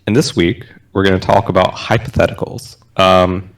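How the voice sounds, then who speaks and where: A man hosting a casual podcast among friends, soft-spoken and laid-back, swearing freely. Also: low voice, sing-song, moderate pace. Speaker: podcast host.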